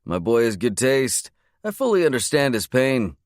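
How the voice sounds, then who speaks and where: A man voices a cocky, amused young father smugly teasing his brother, very animated at normal speed. The mid-range voice is pitched above his own yet close to an everyday voice, recorded clean in a studio with no room sound.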